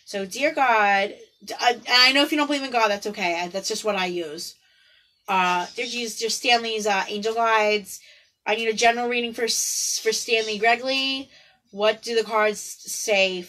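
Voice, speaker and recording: A woman with a fairly high, bright, forceful voice reads tarot cards live for online friends. She talks in an easygoing, giggly way and slips into hushed prayers to her spirit guides. It sounds like a casual home livestream picked up by her phone or computer mic. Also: moderate pace, poor audio. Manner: chatty and giggly, breaks off for her pets. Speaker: tarot card reader. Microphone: phone or computer on a live video stream.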